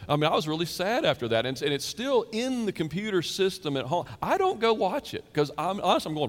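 A man in his fifties, a pastor, preaching a sermon in a chatty, storytelling way with quick asides. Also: sits high, very animated, long reverb tail. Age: 50s.

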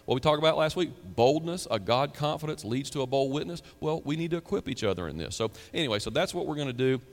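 A man's voice: on the high side, expressive, quick pace, hardly any pauses, in a large hall. A middle-aged man, a pastor, preaching a sermon in a conversational way, asking the listeners questions and breaking off into asides.

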